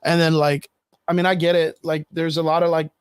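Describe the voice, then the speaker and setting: A man's voice: on the high side, flat delivery, a little fast, clean tone, no room sound, studio quality. A man co-hosting a casual podcast chat, talking bluntly and emphatically, with plenty of swearing. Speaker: podcast co-host.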